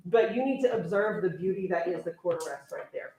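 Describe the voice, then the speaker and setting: A young woman orchestra teacher directing a string rehearsal, briskly counting off and coaching her players. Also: fairly low pitch, warm tone, distant mic, slight background noise. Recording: echoey room, voice from afar, strings playing.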